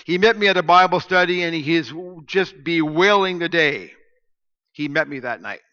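A man preaching a sermon as pastor, telling stories and swinging between hushed asides and loud emphasis. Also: on the high side, moderate pace, smooth. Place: church sanctuary. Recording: echoey church hall, dull lo-fi sound.

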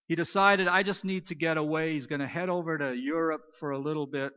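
A pastor preaching a sermon, retelling stories and moving between loud emphasis and soft, hushed lines. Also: male voice, on the high side, fairly even intonation, fairly quick, clear, resonant tone. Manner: storytelling, swings between loud emphasis and near-whispered quiet. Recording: dull lo-fi recording.

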